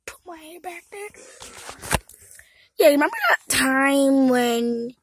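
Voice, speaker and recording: A woman's voice: high-pitched, animated, takes it slowly, a little hiss or hum, low-quality recording. A female vlogger chatting casually to camera, rambling and often dropping to a whisper.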